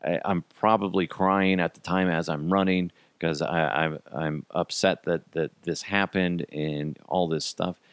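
A man hosting a podcast, telling a profane, animated story in a casual way and laughing at his own jokes. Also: sits low, measured pace, hardly any pauses, clean tone, no room sound. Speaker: podcast host.

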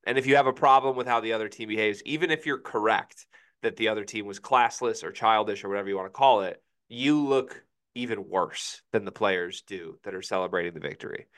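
A man's voice: on the low side, brisk, a bit bright. A young man co-hosting a casual sports podcast, thoughtful and hedging, often saying he isn't sure. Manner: hedging, thoughtful, many "I don't know"s. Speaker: podcast co-host.

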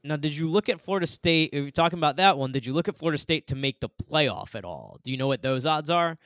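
Smooth-voiced male podcast host. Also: a little high, fast, no room sound. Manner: relaxed, talks through his betting picks. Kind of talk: casual sports betting chat.

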